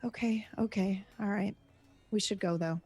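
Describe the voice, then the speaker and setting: A woman's voice: medium pitch, moderate pace, music in the background, lightly acted. A woman voicing a blunt, cautious adventurer who speaks plainly and practically. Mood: wary.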